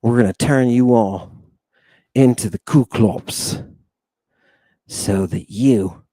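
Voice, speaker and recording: A man hosting a playful livestream lesson, hamming it up as he calls out to his viewers. He talks at an unhurried, drawn-out pace in a mid-range voice. The sound is dry and close, with no room around it. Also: mid-range voice, warm tone, no echo. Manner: theatrical, joking, addresses viewers as people. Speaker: online language teacher.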